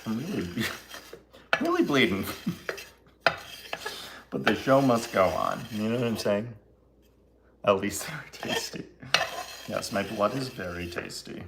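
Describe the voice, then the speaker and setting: A man's voice: lowish voice, very animated, slow pace, long pauses, noisy background. A man hosting a live baking stream from his home kitchen, chatting casually, joking and laughing often. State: laughing through a cut finger.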